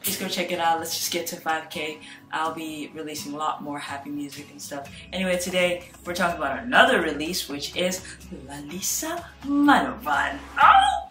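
A young woman reacts on camera in an excited, gushing chat full of exclamations. Her voice sits a little away from the mic in an echoey room, with loud music playing behind her. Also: deep voice, recorded from a distance. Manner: gushing, exclaims often, chatty asides. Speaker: reaction video host. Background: music from the video.

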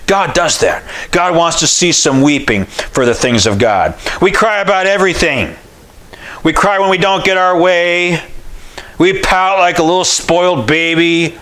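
A man preaching a revival sermon, impassioned and folksy, rising to shouts on repeated phrases. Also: a little high, lively intonation, unhurried, low-quality recording. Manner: folksy and conversational.

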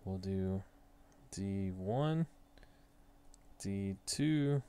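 Slow, smooth-voiced man thinking aloud. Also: deep voice. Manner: relaxed, thinking aloud, reading dice results. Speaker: tabletop soccer sim host. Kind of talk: casual solo commentary.

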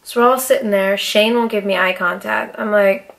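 A young woman hosting a podcast, telling a story in a casual, profane and animated way, with dramatic outbursts. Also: medium pitch, normal speed, creaky. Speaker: podcast host.

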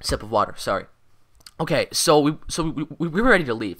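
Excitable teenage boy telling a rambling story. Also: mid-range voice, moderate pace. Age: teens. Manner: excitable, swears constantly, rambling with many fillers. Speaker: vlogger. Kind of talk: casual storytelling vlog.

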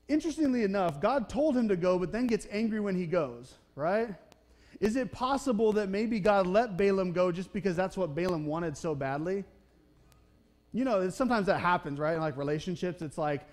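A man preaching a sermon in a church with a bright, high-pitched voice. His talk is casual and conversational, and he keeps checking in with the congregation. He reads scripture and then riffs loosely on it. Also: a little fast. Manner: conversational, checks in with "okay?" and "right?". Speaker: pastor.

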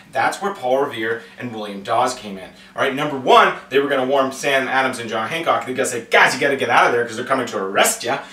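A man teaching history in a casual, playful way, acting out quick comic voices as he explains. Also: a little high, sharp tone. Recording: echoey room, voice from a distance.

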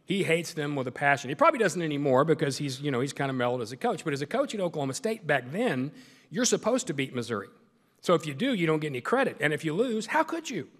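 A man's voice: fairly high pitch, very animated, fast, fairly bright tone. Man telling funny stories in a hall. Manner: humorous, self-deprecating anecdotes. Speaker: guest speaker. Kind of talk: storytelling speech. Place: large meeting hall.

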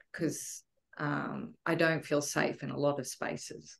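A woman giving a heartfelt, emotional testimonial about a retreat, often pausing to search for words. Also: low-pitched, flat delivery, gravelly. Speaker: retreat guest.

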